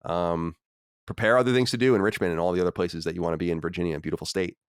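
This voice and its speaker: A man hosting a podcast in casual chat, brisk and matter-of-fact. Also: sits low, fairly even intonation, clean tone, no room sound, clean studio sound. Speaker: podcast host.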